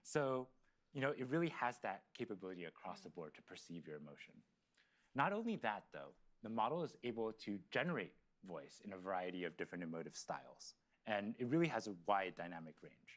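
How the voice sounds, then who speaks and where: Man presenting a live tech demo, animated pitch, eager, on stage. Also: brisk. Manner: eager, explains in lists with fillers.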